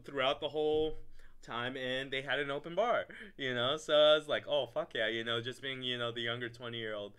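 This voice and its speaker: A young man co-hosting a podcast, telling a story in a casual, animated way, often breaking into loud laughing bursts and leaning on filler words. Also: mid-range voice, a little fast, clean tone. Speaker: podcast co-host.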